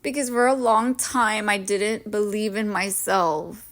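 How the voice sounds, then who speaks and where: On her solo podcast, a woman in her thirties reflects on self-growth, speaking with earnest emotion and encouraging those listening. Her voice is medium in pitch, with a steady tone and a measured pace.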